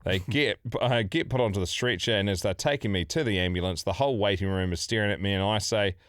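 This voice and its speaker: A man's voice: on the low side, quick pace, a bit bright, dry recording, clean studio sound. A middle-aged man with a New Zealand accent, co-hosting a podcast and reading out a listener's story in a laid-back, sweary way. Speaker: podcast co-host.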